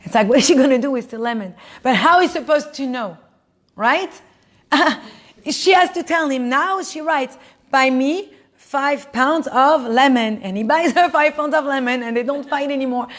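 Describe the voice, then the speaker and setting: A woman leads a class with quick, animated delivery and a fairly high voice. She slips into playful voices for the couples in her stories and laughs easily. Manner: animated, acts out quoted spouses in higher voices, laughs often. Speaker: Torah class teacher. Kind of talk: lively class talk to a live audience.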